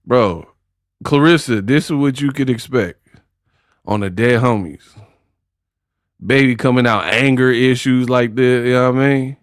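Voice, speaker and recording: A man's voice: mid-range voice, a little slow, long pauses, clean tone, no echo, studio quality. A man doing casual live-stream commentary, joking and laughing in slangy banter with his chat.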